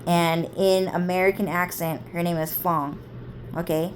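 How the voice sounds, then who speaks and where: A young woman vlogger delivers a casual storytelling monologue, rambling through a family story with lots of swearing and heavy use of "like" and "dude." Her voice is on the low side, a little slow, with little pitch movement. A bit of hiss or hum is audible.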